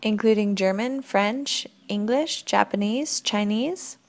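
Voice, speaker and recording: A woman's voice: mid-range voice, takes it slowly, a little mellow. A woman reading an audiobook, voicing a skeptical man who asks doubting, eager questions. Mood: questioning.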